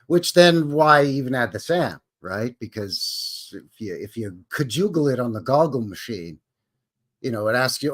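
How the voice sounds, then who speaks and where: A man's voice: medium pitch, animated, a little slow, fairly bright tone. A man with a Canadian accent hosting a live stream, greeting his chat in a jokey, folksy way. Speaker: livestream host.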